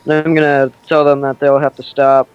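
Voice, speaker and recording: A man's voice: medium pitch, flat delivery, brisk, clear, resonant tone, no room sound, muffled recording. A man playing a tabletop game as a player, declaring his actions hesitantly with frequent restarts. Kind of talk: in-character tabletop play.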